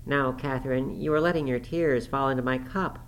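A man's voice: medium pitch, fairly even intonation, a little fast, slight background noise, pitched above the performer's own voice, close to an everyday voice. A man voicing Linton, a sickly, petulant teenage boy who makes whiny, peevish demands in a raised voice.

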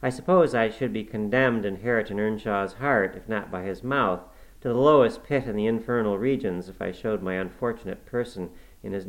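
A man narrating a classic novel in the first person, in a measured, even storytelling manner. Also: lowish voice, rough recording. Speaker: audiobook narrator.

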